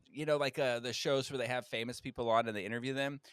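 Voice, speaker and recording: A man co-hosting a podcast, riffing on jokes in animated casual chat. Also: medium pitch, fast talker, clean tone, dry recording, studio quality. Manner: animated, jokey riffing with laughs. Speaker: podcast co-host.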